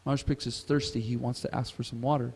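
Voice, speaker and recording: A man's voice: medium pitch, flat delivery, rapid-fire, darkish tone, slightly rough. A man teaching a scripture class at a temple, retelling a story and asking the audience questions. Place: temple hall. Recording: reverberant temple hall.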